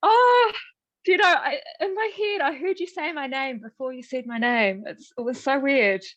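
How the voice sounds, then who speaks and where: A woman's voice: high voice, moderate pace, fairly bright tone. A woman on a video call, flustered and gushing as she talks to the host. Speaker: giveaway winner on a video call. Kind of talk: excited live-stream chat. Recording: dull lo-fi call audio.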